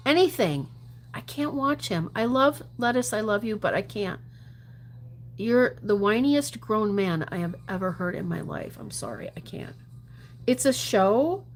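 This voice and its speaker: A gambling livestreamer chats casually with her viewers, answering their comments. She's animated and laughs a lot, her voice jumping from lively bursts to low mutters and whispers. There's slight background noise.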